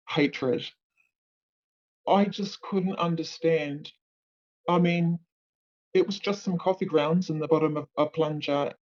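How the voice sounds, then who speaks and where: Woman, interview guest, halting and searching for words, dull lo-fi sound. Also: deep voice, darkish tone. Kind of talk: personal account in an interview. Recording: dull lo-fi recording.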